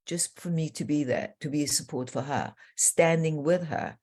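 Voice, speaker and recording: A middle-aged woman coach with a low voice tells animated stories and shifts her pitch up and down to act out the people in them. She sounds like a guest in a casual interview. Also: normal speed. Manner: lively storyteller, acts out quotes with jumps in pitch. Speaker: life coach. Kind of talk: animated storytelling in a podcast interview.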